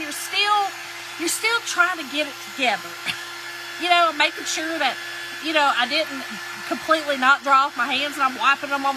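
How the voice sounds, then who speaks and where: Chatty high-voiced woman storyteller. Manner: chatty, folksy storyteller, greets commenters. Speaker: crafter and live streamer. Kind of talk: casual storytelling while crafting. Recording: hair dryer noise in background.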